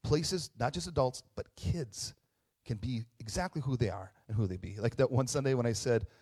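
His mid-range voice is a little mellow and slightly rough, moving at a moderate pace. A thirties-aged pastor, he preaches in a casual, conversational style, chatting with tag questions, restarting sentences and poking fun at himself.

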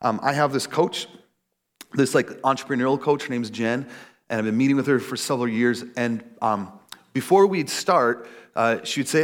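A man in his thirties preaching a casual, animated sermon, acting out little quotes. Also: normal speed. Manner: animated, acts out quotes in a high voice. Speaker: pastor.

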